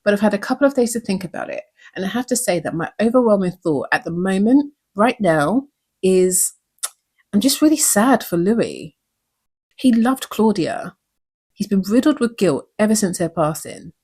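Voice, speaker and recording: Animated and earnest, a YouTube recap host dissects a TV episode, leaning heavily on rhetorical questions. Her medium-pitched voice is darkish with a breathy edge, and she keeps a moderate pace.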